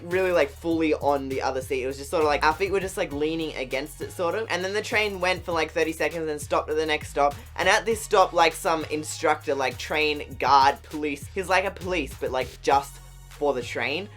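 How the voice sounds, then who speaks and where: A young Australian vlogger races through a casual storytime, filling every sentence with "like". The voice is mid-pitched, and faint music plays under it. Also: a bit bright. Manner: rambling, heavy use of "like". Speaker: YouTuber.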